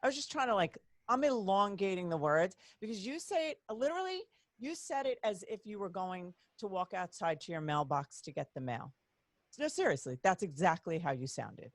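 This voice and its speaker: A woman hosting a casual interview, talking in an animated, exclaiming way. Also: mid-range voice, moderate pace, dry recording. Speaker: podcast host.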